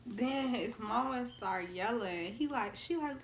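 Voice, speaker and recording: A young woman tells a storytime tale with a fairly high voice. She jumps into the voices of everyone she quotes. The room around her is echoey and carries a faint hiss. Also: takes it slowly, creaky, few pauses. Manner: animated, acts out quoted voices. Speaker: vlogger, storytelling half of a couple. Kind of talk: casual storytime chat.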